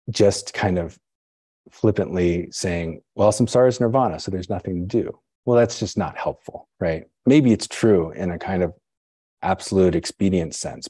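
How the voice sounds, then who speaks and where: A man's voice: low voice, mellow, breathy edge, no room sound, clean studio sound. A man, a Zen teacher, giving a conversational dharma talk, musing aloud and often checking in with "right?" and "you know". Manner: conversational, musing, self-questioning.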